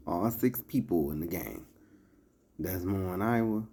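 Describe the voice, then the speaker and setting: A man's voice: deep voice, takes it slowly, warm tone, breathy edge. A man giving casual commentary as he reads out a list, breaking off into sarcastic asides and chuckles.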